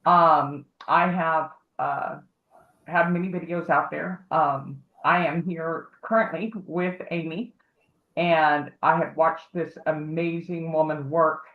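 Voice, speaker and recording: A woman's voice: low voice, fairly even intonation, slow pace. A woman guest telling a long story in casual livestream talk, rambling and acting out the voices of the people she quotes. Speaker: guest, advocate for harassment victims. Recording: tinny phone-like echoey audio.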